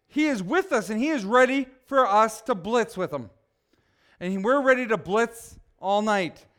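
A male pastor preaching a sermon, swinging from quiet asides to loud, emphatic exhortation. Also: high-pitched, lively intonation, measured pace.

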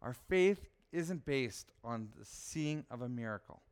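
A man preaching a sermon as pastor, asking his listeners rhetorical questions and swinging from soft to loud. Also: medium pitch, animated, a little slow, clean tone.

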